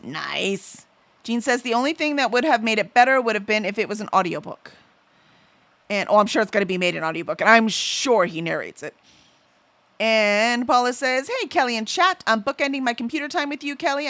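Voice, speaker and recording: A woman's voice: a little high, a bit bright, no echo. A woman hosting a casual livestream, chatting and reading out viewer messages, easily sidetracked and full of fillers. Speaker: livestream host.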